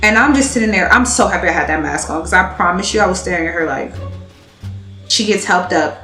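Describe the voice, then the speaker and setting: A woman's voice: fairly low pitch, a little fast, pushed and bright, reverberant, soft background music. A young woman telling a dramatic, slangy storytime on her vlog, laughing as she goes. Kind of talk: animated storytime.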